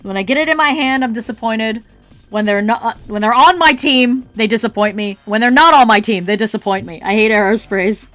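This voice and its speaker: A woman's voice: a little high, brisk, fairly bright tone, no echo, faint music behind. A woman streamer chatting casually while she draws, ranting and swearing as she vents about a game. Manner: ranting, salty, swears freely. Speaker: art streamer.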